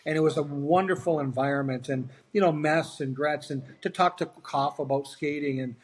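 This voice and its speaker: A middle-aged man spins long, lively anecdotes in a relaxed interview, quoting the voices of others as he goes. His voice sits a little higher than most men's, and he moves it freely up and down as he acts out each exchange. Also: moderate pace. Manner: animated anecdotes, acts out quoted dialogue. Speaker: interview guest, former hockey player. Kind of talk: storytelling in a casual interview.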